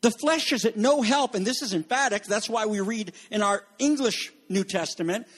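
Animated high-voiced male preacher. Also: normal speed, hardly any pauses, slightly rough. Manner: animated, acts out quoted voices. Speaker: pastor. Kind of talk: sermon.

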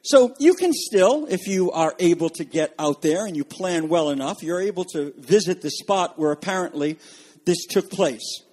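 A man's voice: sits high, lively intonation, normal speed, darkish tone. A man preaching a sermon, reading passages aloud and explaining them to his congregation. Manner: reads quotations aloud, then explains them. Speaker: pastor.

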